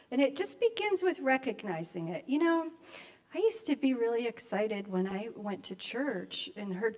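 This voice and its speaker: An older woman preaches in a church in a relaxed, conversational way. Her voice sits a little high, and she pauses often to let her words land. She slips in friendly asides as she goes. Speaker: minister. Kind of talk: sermon. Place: church sanctuary.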